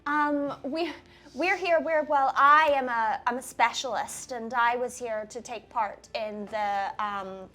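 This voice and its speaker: A woman playing a tabletop game, hesitant and earnest, often pausing with fillers. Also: on the high side, bright, forceful tone. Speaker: player. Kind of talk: in-character tabletop play.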